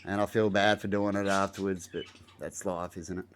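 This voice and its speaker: Australian man, lowish voice, casual rambling storyteller who acts out bits loudly. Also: little pitch movement, moderate pace, clean tone. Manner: rambling, acts out scenes with loud exclamations. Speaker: vlogger.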